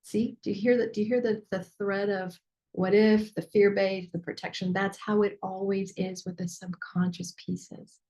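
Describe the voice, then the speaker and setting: A woman's voice: medium pitch, moderate pace. Chatty woman business mentor. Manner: animated, chatty, lots of fillers and asides. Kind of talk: coaching session teaching.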